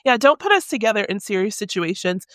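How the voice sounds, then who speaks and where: A woman's voice: medium pitch, big pitch swings, fast, dry recording, studio quality. A young adult woman co-hosting a podcast in casual chat, giggly and playful. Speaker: podcast co-host.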